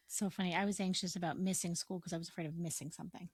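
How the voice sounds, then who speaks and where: A woman's voice: lowish voice, steady tone, a little mellow, breathy edge, dry recording, studio quality. Chatty woman podcast co-host. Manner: chatty, laughs often, quick reactions. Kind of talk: casual chat.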